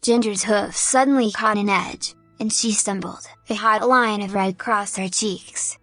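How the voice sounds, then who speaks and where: A woman reading a fantasy story aloud as narrator, in a steady, even storybook style. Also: medium pitch, unhurried, hardly any pauses, dry recording, soft background music.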